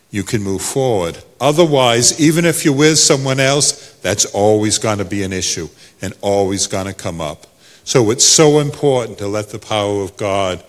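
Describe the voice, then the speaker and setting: Preaching man in a reverberant hall. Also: on the low side. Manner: preaching with swings from soft to loud. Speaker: pastor. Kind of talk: sermon.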